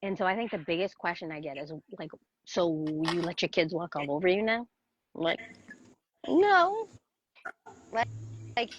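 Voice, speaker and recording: A woman in her thirties, a parenting coach, talking casually as an interview guest and telling animated stories. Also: medium pitch. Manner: animated storyteller, laughs often, acts out voices. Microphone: video call. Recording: dry, dull video-call audio.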